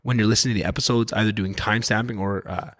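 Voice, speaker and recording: A man hosting a podcast, talking in a loose, rambling, animated way and swearing freely. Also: lowish voice, rapid-fire, no echo, clean studio sound. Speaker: podcast host. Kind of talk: casual podcast chat.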